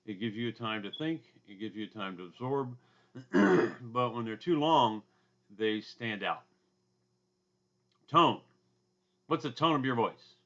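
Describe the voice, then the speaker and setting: A man with a loud booming voice and a drawl, giving a casual recorded lecture from his home basement, with asides and throat clearing. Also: normal speed, dull audio. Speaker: instructor.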